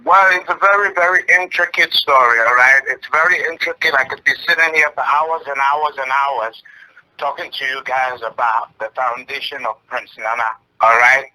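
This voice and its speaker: Man from Ghana, wrestling persona, brash and blustery, very sharp bright tone. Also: mid-range voice, steady tone, normal speed, poor audio. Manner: blustery, tags nearly every phrase with "all right?". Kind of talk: brash in-character interview chat.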